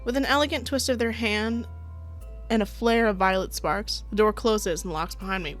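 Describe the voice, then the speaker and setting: A woman's voice: medium pitch, normal speed, soft background music. A woman streaming a visual novel, reading it aloud with playful, giggly commentary. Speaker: gaming streamer.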